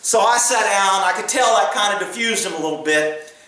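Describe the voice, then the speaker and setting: A middle-aged man, a retired police officer casually telling a profane, animated story full of quoted dialogue. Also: high voice, brisk, recorded from a distance. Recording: echoey room, voice a bit off-mic.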